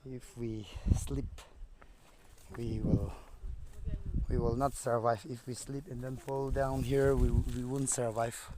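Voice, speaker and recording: Slow, awed man on a windy mountain. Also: medium pitch, little pitch movement. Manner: slow, awed, nervous exclamations. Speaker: vlogger hiking a mountain. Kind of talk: casual outdoor vlog narration. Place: outdoors on a rocky mountain. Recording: noisy outdoor phone recording. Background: outdoor noise.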